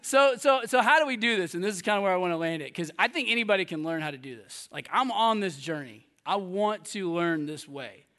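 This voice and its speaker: Animated high-voiced male preacher. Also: fairly quick, hardly any pauses. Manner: animated, acts out quoted voices; laughs often, self-deprecating. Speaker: pastor. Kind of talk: sermon.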